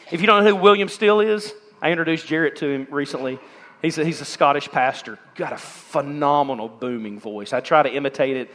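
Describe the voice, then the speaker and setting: A male pastor preaching a sermon to his congregation, animated and direct as he puts questions to the people in the room. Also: a little high. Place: church sanctuary. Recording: long reverb of a large hall.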